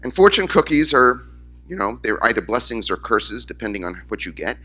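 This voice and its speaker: A man's voice: medium pitch, brisk, faint music behind. A man, a rabbi, giving a conference keynote, telling stories and acting out the voices of the people in them. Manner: storytelling, animated, acts out quoted voices. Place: conference hall, in front of audience.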